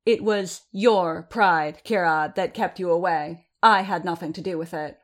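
A woman reading the part of a commanding female warrior leader who addresses a gathered crowd in firm, slow, declaiming speech. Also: on the low side, natural voice. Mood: sharp. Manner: firm, declaiming, slowed for emphasis. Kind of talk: audiobook reading.

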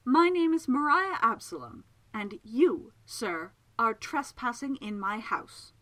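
An imperious lady from a storybook, fierce and scornful, snapping out orders in a high, bright, sharp voice, as a woman reads her. Her pitch swings widely as she commands. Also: big pitch swings, normal speed.

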